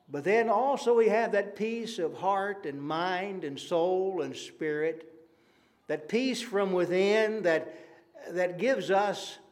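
A man's voice: fairly high pitch, darkish tone. A man preaching an evening sermon in an earnest, conversational way, using rhetorical questions and frequent fillers.

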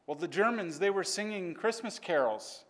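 Male teacher, somewhat high voice, earnest measured storyteller. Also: expressive. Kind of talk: storytelling to a class.

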